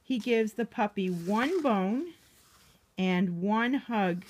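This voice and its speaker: A woman reading a picture book aloud to a young child, gently asking the child questions as she goes. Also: medium pitch, expressive, slow pace.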